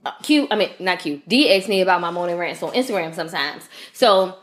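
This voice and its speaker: A woman co-hosting a podcast, telling a story in a casual, animated rant and swearing freely. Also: fairly low pitch, brisk, a little hiss or hum. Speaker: podcast co-host. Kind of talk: casual chat.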